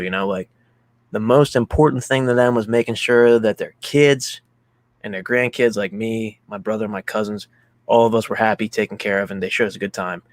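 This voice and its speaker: A man's voice: mid-range voice, no room sound. A man from Pennsylvania co-hosting a casual movie chat, rambling through a heartfelt story with many fillers. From Pennsylvania, USA. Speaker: podcast co-host.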